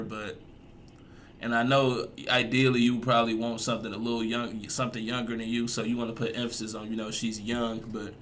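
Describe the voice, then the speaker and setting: Guy reacting to a clip, laid-back and mocking, drawn-out jokes. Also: mid-range voice, a bit bright, slight background noise. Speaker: reaction streamer. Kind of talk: casual commentary reacting to a clip.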